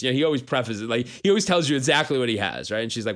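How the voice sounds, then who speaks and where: A man in his thirties co-hosting a podcast, telling stories in a casual, animated way and laughing often. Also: lowish voice, fast talker, few pauses. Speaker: podcast co-host.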